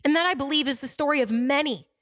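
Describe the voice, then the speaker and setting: High-voiced impassioned woman podcaster. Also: quick pace, dry recording, clean studio sound. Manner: impassioned, repeats phrases, asks rhetorical questions; drops to soft, hushed tones. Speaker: podcast host. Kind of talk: solo podcast monologue.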